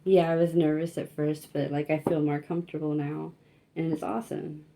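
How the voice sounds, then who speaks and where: A woman's voice: low-pitched, little pitch movement, normal speed, vocal fry, dark tone. A young woman giving a casual tarot reading, rambling and self-conscious, laughing often and filling her talk with likes and you-knows. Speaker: tarot reader.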